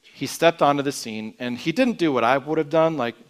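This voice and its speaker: A man preaching a sermon in an earnest way, often dropping to a quiet emphasis at the ends of phrases. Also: fairly high pitch, a little fast. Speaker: pastor.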